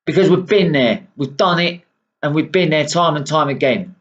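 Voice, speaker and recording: A man's voice: a little high, animated, normal speed. A man ranting angrily about his football club, swearing often and tagging "right?" onto his sentences. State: unwell. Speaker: football fan vlogger. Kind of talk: angry ranting monologue. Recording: dull lo-fi sound.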